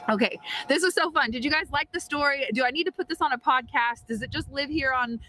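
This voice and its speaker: Woman, tarot host, bright voice, chatty storytelling, casual swearing. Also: sits high, quick pace. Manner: chatty, animated, swears casually, laughs often.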